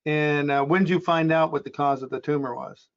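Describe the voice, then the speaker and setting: A man interviewing a veteran, asking questions and summing up the story in a steady, explaining way. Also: fairly high pitch, a little fast. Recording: muffled, lo-fi recording.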